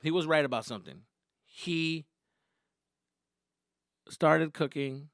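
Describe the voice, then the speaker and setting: A man who is a comedian and podcast host, telling stories in an animated, profane, casual way. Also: on the high side, slow, no room sound, studio quality. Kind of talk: comic storytelling.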